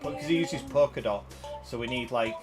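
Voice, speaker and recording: A man's voice: mid-range voice, moderate pace, poor audio. A man rambling through a giggly story while streaming a game. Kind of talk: casual banter. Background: game music.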